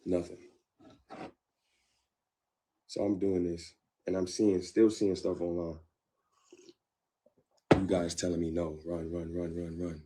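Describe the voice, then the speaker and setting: A deep-voiced man with a gravelly, dark tone recounts a past relationship in a candid interview. He speaks in halting bursts, restarting and repeating his words. His voice sits low and relaxed. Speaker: guest.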